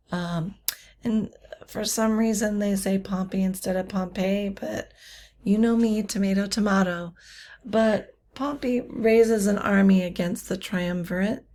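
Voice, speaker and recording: Teaching literature off the cuff, this woman stumbles frequently over ums and uhs while slipping in dry asides. She speaks in a mid-range voice with a darkish tone.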